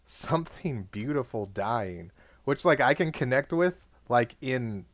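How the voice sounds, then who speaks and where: A young man co-hosting a podcast, talking casually in a rambling way, full of "like" and quick laughs. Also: medium pitch, animated, dry recording. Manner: rambling, lots of "like", laughs often. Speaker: podcast co-host. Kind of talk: casual chat.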